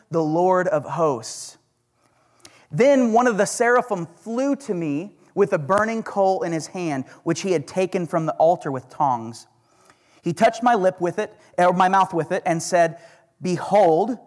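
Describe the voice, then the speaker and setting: A male pastor with an Oklahoma accent preaching a casual, conversational sermon and reading scripture slowly with emphasis. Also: high-pitched.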